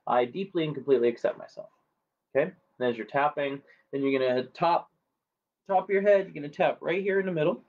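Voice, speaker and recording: Guy doctor walking viewers thru tapping, keeps asking okay?, gravelly voice, muffled stream sound. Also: medium pitch. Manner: casual, instructive, checks in with viewers. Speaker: natural health doctor. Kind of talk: guided tapping demonstration. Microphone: live-stream camera mic.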